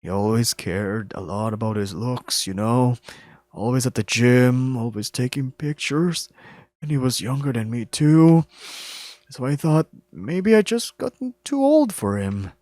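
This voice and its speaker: A heartbroken older male bear from a visual novel, as a man reads him aloud. His voice is hoarse, low and flat, and he talks slowly and quietly. The sound is dry and close. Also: dry recording, lightly acted. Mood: subdued.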